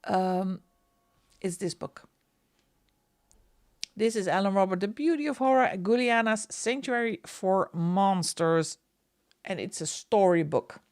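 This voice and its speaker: Her mid-range, darkish voice is slow, with long pauses. She's a Dutch woman from the Netherlands with a Dutch accent, chatting with viewers while colouring on a live stream, laughing often and reading the chat out loud.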